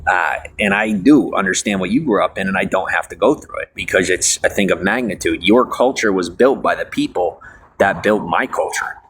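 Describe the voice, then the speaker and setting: A man's voice: sits low, moderate pace, a bit bright, breathy edge, poor audio. A young man talking to viewers in a rambling monologue, full of fillers and restarts, preachy and defiant.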